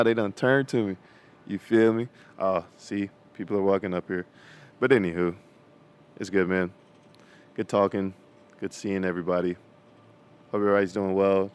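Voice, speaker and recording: Young male vlogger, casual faith talk, smooth low voice, slangy. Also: moderate pace. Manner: casual slangy preaching with many fillers.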